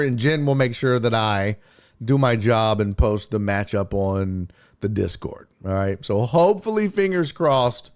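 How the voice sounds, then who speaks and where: A man hosting a casual sports talk live stream, joking, swearing and laughing often while reading viewer comments, his voice a bit rough and hoarse. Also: mid-range voice. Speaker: sports talk show host.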